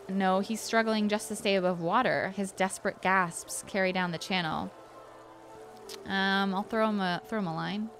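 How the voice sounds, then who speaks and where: A woman's voice: mid-range voice, fairly bright tone. A woman streamer playing a role-playing game, reading its text aloud and chatting between passages. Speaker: gaming streamer. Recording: game music behind the voice. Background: game music.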